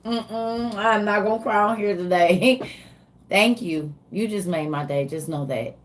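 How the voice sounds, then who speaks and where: Woman, older, livestream host, casual chat, animated, talks to the audience directly. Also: medium pitch, measured pace. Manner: animated, talks straight to viewers as y'all.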